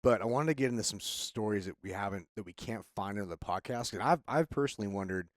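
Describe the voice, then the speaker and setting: A man hosting a podcast, asking questions in a relaxed, profane, conversational way. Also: lowish voice, fast. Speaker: podcast host. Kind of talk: casual interview chat.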